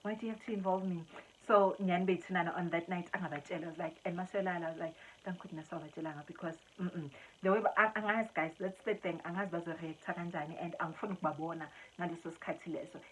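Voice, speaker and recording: A woman's voice: lowish voice, fairly even intonation, racing, a little hiss or hum, rough recording. A young South African woman telling a story-time vlog, chatting casually and mixing English with isiZulu. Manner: chatty, switching between English and isiZulu mid-sentence. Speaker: vlogger.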